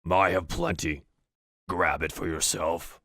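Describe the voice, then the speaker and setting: A man voicing a blunt, dismissive male orc torturer who speaks in short, flat lines. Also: low-pitched, measured pace, dry recording, studio quality, exaggerated voice.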